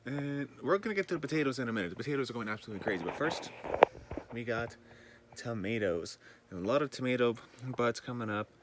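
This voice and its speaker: A man's voice: mid-range voice, animated, quick pace, noisy background. A man touring his greenhouse for a vlog, talking loosely and rambling with some swearing, a bit groggy. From northern British Columbia, Canada. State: a bit groggy, just woken. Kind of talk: casual chat. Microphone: handheld camera.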